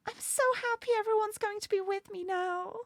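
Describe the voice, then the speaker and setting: A woman voicing a timid, apologetic little girl in a video game, speaking slowly and softly. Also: extremely high pitch, steady tone, a little hiss or hum, voice pushed up.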